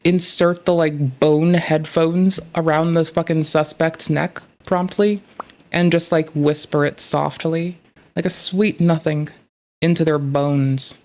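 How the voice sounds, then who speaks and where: A woman's voice: low-pitched, steady tone, takes it slowly, darkish tone. A woman streamer giving casual reaction commentary, rambling with profanity and sarcasm.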